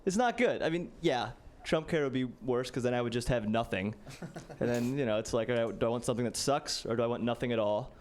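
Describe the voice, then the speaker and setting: Young man, stand-up comedian, casual self-mocking delivery, mid pitch, faint crowd hum. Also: lively intonation, fast talker, hardly any pauses. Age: late 20s. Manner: casual, self-deprecating, lots of "like". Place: stage before a live audience.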